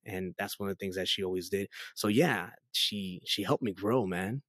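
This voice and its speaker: A man's voice: on the low side, moderate pace, few pauses, no room sound, clean studio sound. A man in his thirties telling his life story as a guest in a casual interview, chatty, with lots of fillers and acted-out quotes. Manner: chatty, many fillers, lively quoted dialogue. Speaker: guest giving testimony.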